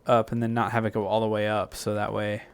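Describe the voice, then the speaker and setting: A man hosting a music software tutorial, thinking aloud in a loose, rambling way with plenty of fillers and self-corrections. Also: lowish voice, level tone, fast talker, very noisy.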